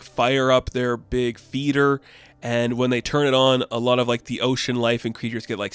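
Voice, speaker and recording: A man's voice: mid-range voice, clear, resonant tone, no echo. Rambling man reviewing comics. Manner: rambling, many "like" fillers. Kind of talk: casual review vlog.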